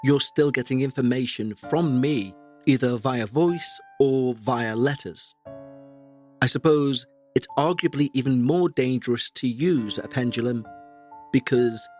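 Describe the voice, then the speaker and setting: A Scouse man hosts a paranormal podcast, reading a listener's account and then talking it over in an earnest, measured tone at an ordinary pitch. His throat is still a little sore. Faint music plays underneath. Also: a little mellow. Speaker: podcast host.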